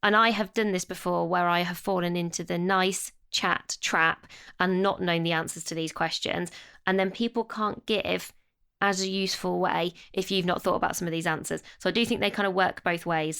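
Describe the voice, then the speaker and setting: A woman's voice: lowish voice, steady tone, normal speed, vocal fry, fairly bright tone, clean tone. A woman co-hosting a career podcast in casual chat. She is reflective and self-deprecating, and shares personal anecdotes. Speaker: podcast co-host.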